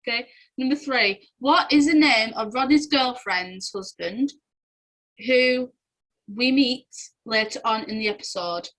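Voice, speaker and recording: A woman's voice: on the high side, unhurried, fairly bright tone, poor audio. A young woman, chatting casually as she goes through quiz answers and laughing often. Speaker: quiz host.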